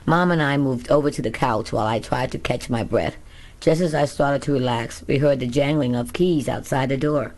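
A woman's voice: rumbling low, normal speed, darkish tone. A woman narrating her own memoir as an audiobook in a candid, first-person storytelling manner. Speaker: author reading her memoir.

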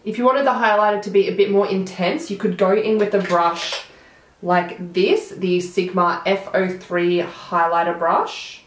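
A woman's voice: mid-range voice, fairly even intonation, measured pace, roomy sound. A young woman with a blocked nose, chatting through a makeup tutorial as she applies each product. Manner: chatty, narrating each step as she works. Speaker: beauty vlogger.

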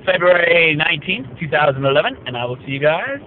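A man rambles through a casual vlog from the driver's seat, joking at his own expense in a slightly raised, somewhat worn voice. The sound is thin and tinny, like a phone line, with a faint engine rumble underneath. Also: very animated, fast talker. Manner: rambling, self-mocking, jokey asides. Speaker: vlogger. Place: inside a car while driving. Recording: tinny phone-like car recording.

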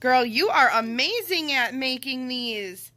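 A woman in her thirties, a mother and vlogger, gushing and gasping with excitement as she opens a gift package at home. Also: sits high, unhurried. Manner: gushing, gasping, says "oh my gosh" often. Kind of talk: excited unboxing chat.

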